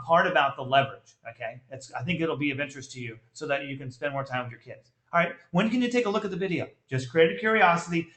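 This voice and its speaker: Brash, bright-voiced sales coach, echoey room. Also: male voice, a little high. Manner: blunt, animated, laughs often. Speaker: sales trainer critiquing a call. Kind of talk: casual coaching commentary.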